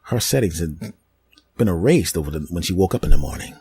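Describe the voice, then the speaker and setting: Low husky man telling crude comic stories. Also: expressive, brisk, mellow, dry recording, studio quality, faint music behind. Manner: crude, rambling, mock-dramatic. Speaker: podcast host. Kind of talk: comedic storytelling monologue.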